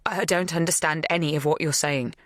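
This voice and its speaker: A woman's voice: sits low, fairly even intonation, brisk, no room sound, clean studio sound, natural voice. A woman voicing a shaken, wary young woman in an audiobook, speaking in tense, clipped lines.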